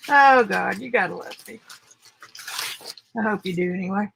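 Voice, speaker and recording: Slow, gravelly Arkansas woman. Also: medium pitch, fairly bright tone, a little hiss or hum. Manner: chatty, self-deprecating, talks while working. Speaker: art livestream host. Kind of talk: casual livestream chat. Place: home art studio.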